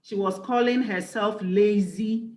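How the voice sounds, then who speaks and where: A woman's voice: medium pitch, steady tone, a little slow, roomy sound, poor audio. Earnest woman giving a conference talk. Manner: earnest and reflective, stressing key phrases. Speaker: executive life coach and speaker.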